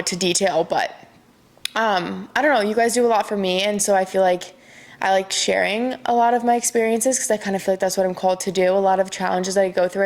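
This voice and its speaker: A young woman speaking at a middling pitch hosts a solo podcast in a loose, diary-like chat. She rambles openly, confiding in her listeners, with frequent "like" and "um" fillers. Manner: rambling, open and confiding, heavy use of "like". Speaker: podcast host.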